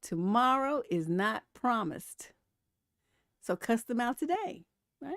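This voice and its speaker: A woman's voice: on the high side, big pitch swings, takes it slowly, a bit bright, no echo, studio quality. A middle-aged woman, a relationship coach, hosting a casual live stream, telling stories bluntly with a lot of profanity and laughter. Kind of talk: casual livestream commentary.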